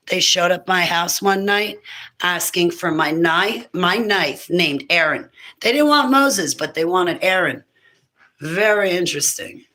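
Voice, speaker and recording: A woman's voice: low-pitched, measured pace, sharp tone, low-quality recording. A woman in her fifties talking in a loose, rambling monologue about faith, breaking into laughter and emphatic preaching. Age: 50s. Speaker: speaker on spiritual warfare. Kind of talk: casual monologue.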